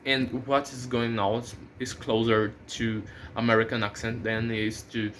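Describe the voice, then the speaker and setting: A man who is not a native English speaker talks unhurriedly to his own channel in a casual vlog. He pauses often and restarts his sentences as he thinks aloud. Faint background noise sits under the recording. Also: medium pitch, flat delivery, a bit bright. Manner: hesitant, many fillers and restarts, thinking aloud. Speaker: channel host.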